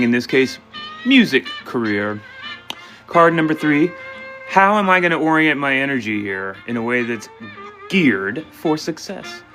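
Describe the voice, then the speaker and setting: A man doing a live tarot reading, playful and animated, talking straight to viewers and acting out their questions and answers. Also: mid-range voice. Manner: voices questions and answers as quoted speech. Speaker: tarot reader taking questions.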